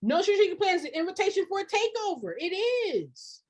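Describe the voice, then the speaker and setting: A woman with a very high voice coaches nonprofit leaders in fiery, preachy bursts. Her pitch swings widely as she repeats lines for emphasis and slips into shouting. She talks straight to her viewers like a live-stream mentor. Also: very animated, a little fast. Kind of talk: passionate live-stream advice talk.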